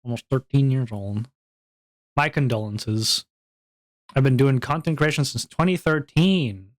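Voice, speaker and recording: A VTuber streamer in loose, playful live chat, cracking jokes and reading viewer messages out loud. The delivery is unhurried, with a middle-pitched voice. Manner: playful, goofy, jokey banter; reads chat messages aloud and answers them.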